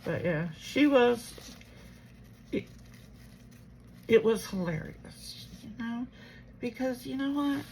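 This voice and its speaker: A woman's voice: on the high side, lively intonation, takes it slowly, pauses often, darkish tone, slight background noise, low-quality recording. A woman crafting at home while telling a rambling family story, full of "you know" asides. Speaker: resin jewelry crafter.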